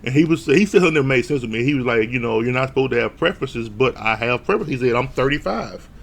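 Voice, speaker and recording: A man's voice: mid-range voice, animated, fast talker, creaky. A man giving a blunt, profane, casual recap of a reality show, retelling scenes with mock quotes. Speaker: show reviewer.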